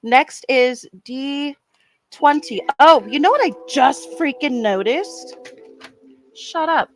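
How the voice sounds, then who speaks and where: A woman's voice: sits high, animated, takes it slowly, a little hiss or hum, poor audio. A woman chatting casually as she builds a kit on her toy vlog, rambling and poking fun at herself. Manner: chatty, rambling and self-mocking. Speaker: toy unboxing vlogger.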